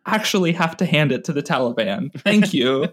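A woman co-hosting a casual political podcast, animated and exasperated, laughing and restarting her sentences. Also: sits low, moderate pace, husky. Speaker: podcast co-host.

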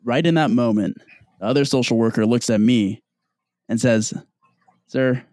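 Young man, casual storyteller, animated, dry close sound. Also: medium pitch, moderate pace, dry recording. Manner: animated, swearing, acts out others in dialogue.

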